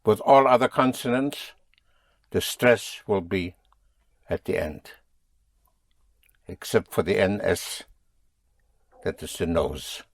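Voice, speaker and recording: A man's voice: low-pitched, expressive, slow, long pauses, no room sound. A man teaching a language lesson, patiently quizzing his students and explaining rules. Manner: patient, drilling students with questions.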